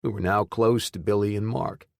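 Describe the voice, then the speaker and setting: A man narrating a first-person audiobook in a plain, steady storytelling manner. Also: on the low side, normal speed, creaky, no echo, clean studio sound.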